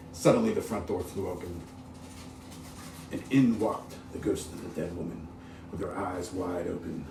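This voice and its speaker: A low, mellow male storyteller reads a spooky tale with dramatic flair and spoken sound effects. The voice lands from a distance in a roomy space. A faint hiss runs underneath. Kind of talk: read-aloud ghost story.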